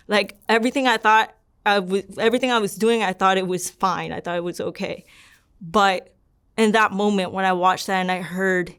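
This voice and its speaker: A young woman sits for an interview, telling her own story in a candid, rambling way. Her voice is smooth and clean, at an everyday middle pitch. She often drifts softer and quieter as she talks, leaning on "like" between thoughts. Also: steady tone, moderate pace. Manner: rambling and earnest, leans heavily on "like". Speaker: interview subject.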